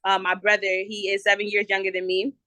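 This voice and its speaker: A woman's voice: medium pitch, fast, dry recording. Chatty young New Jersey woman, dry sound. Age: 20s. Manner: lively, chatty storyteller. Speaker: podcast guest, entrepreneur. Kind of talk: casual interview.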